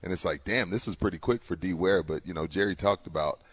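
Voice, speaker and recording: A man's voice: low-pitched, quick pace, slightly rough. Fired-up sports radio co-host man. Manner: animated, argumentative, rising to rants. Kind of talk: morning sports radio talk. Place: radio studio.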